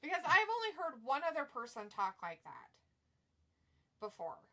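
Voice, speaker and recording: A woman's voice: sits high, huge pitch swings, moderate pace, sharp tone. A woman co-hosting a live watch-along stream, chatting bluntly and reading chat messages aloud.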